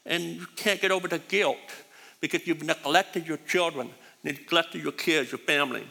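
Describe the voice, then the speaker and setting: At a normal pace, a middle-aged preacher speaks in a slightly high, pushed, bright voice with vocal fry, echoing with long hall reverb. He tells a personal story in his sermon, rambling and repeating words, and admits he thinks his distinctive voice is bad.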